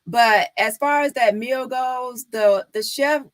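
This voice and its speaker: A woman's voice: on the high side, slow pace, no echo. A woman on a live stream talking casually and insistently to her viewers, repeating her points.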